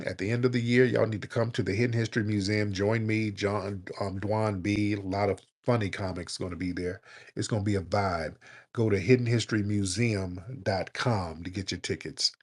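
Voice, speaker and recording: Man, talk-room host, late-night call-in, slightly low voice, blunt, joking, slangy. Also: steady tone, normal speed. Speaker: host of a live audio chat room.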